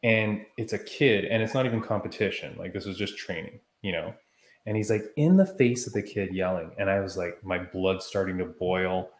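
A man with a fairly low voice tells a story on a podcast with rising heat and animation. His voice carries a noticeable echo from the room around him. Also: normal speed. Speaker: podcast co-host. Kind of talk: casual chat.

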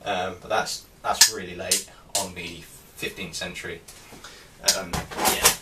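A man's voice: low-pitched, little pitch movement, takes it slowly. A man giving a casual show-and-tell of his helmet collection, talking hesitantly with many ums and restarts. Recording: distant mic with faint background noise.

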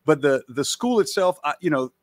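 A man's voice: on the high side, lively intonation, normal speed, dry recording. A man from Louisiana, a priest, chatting casually as a guest with frequent restarts and repeated words. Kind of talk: casual conversation.

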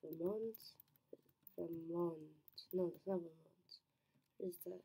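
A woman's voice: on the low side, steady tone, measured pace, vocal fry, pauses often, warm tone, slightly rough. A woman thinking aloud as she plays a timed quiz, muttering to herself, trailing off, restarting answers and slipping into whispers. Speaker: quiz player.

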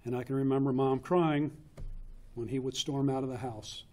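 A man's voice: medium pitch, fairly even intonation, normal speed, darkish tone. Man in his fifties giving a eulogy. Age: 50s. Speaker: eulogist, younger brother of the deceased. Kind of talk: memorial eulogy, personal storytelling. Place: funeral home chapel.

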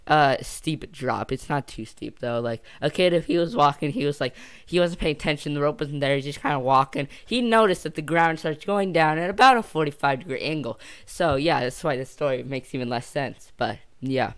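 A man's voice: on the high side, normal speed, fairly bright tone, clean tone. A young man telling a casual storytime for his channel, rambling and jokey, often trailing off and circling back. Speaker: YouTuber.

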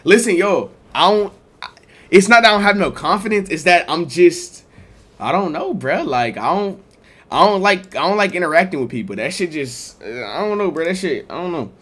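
A young man tells a story live from his bedroom, and his pitch leaps all over the place. His voice sits a little high for a man. He talks slangy and profane, straight to his chat, and often bursts into loud exclaims. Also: animated, moderate pace, husky. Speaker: streamer. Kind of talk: casual live-stream storytelling. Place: bedroom at home.

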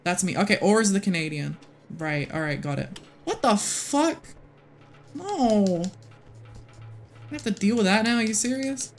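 A livestreamer in casual gameplay commentary, excitable and swearing often while talking to the game and chat. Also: mid-range voice, fairly quick, faint music behind. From United States.

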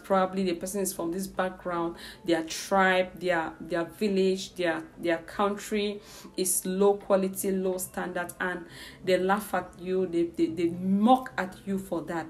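A woman's voice: fairly low pitch, steady tone, unhurried. A woman preacher delivering a heartfelt prophetic word to her online followers, repeating key phrases with fervent emotion.

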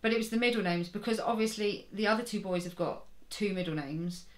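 A woman's voice: medium pitch, a little fast, reverberant. A woman chatting casually in a family vlog, often ending with tag questions that invite agreement. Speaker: vlogger parent. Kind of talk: casual chat.

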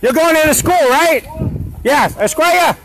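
With an extremely high, expressive and fairly bright voice, a parent records a heated street argument with road workers outside a school. His pace is measured though he keeps repeating himself. Slight background noise runs under the rough recording.

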